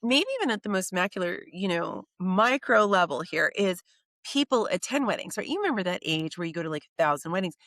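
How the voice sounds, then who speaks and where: Bright, animated woman chatting on a podcast. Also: fairly low pitch, no room sound. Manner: animated, chatty, quick asides. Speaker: guest, wedding PR expert. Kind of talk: casual podcast chat.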